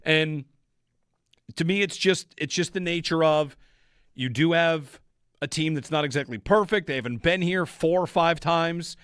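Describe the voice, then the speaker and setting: A man's voice: on the high side, a little slow, a bit bright, clear, resonant tone, no room sound, clean studio sound. A man hosting a sports radio show, talking in a conversational, analytical way. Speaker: radio host. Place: radio studio. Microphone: studio microphone.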